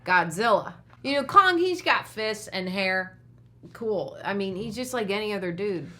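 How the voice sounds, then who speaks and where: A young woman guest on a casual movie chat, playful and jokey with quick banter. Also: mid-range voice, expressive, bright, forceful tone. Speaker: guest co-host. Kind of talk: casual chat reacting to a video.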